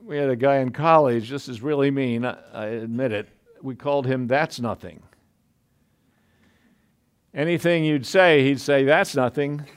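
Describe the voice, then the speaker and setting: A man's voice: medium pitch, normal speed, pauses often, clear, resonant tone. A man preaching a sermon in a conversational way, full of asides and restarts.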